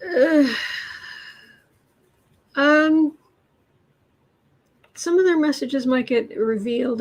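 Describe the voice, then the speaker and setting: A woman's voice: on the high side, low-quality recording. A woman reading political tarot cards on a livestream, talking in a rambling, hesitant way, with frequent ums and restarts, and addressing viewers directly. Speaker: tarot reader.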